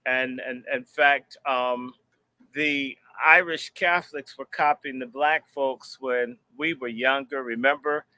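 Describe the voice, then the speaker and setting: Bright, dry-sounding male host. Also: medium pitch, steady tone, takes it slowly, dry recording. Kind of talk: casual discussion.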